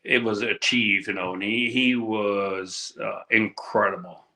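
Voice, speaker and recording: A man in his sixties, a podcast guest telling stories in a halting way, with many fillers and restarts, and laughing often. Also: lowish voice, steady tone, bright, forceful tone. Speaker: podcast guest, former pro hockey player. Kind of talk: casual storytelling interview.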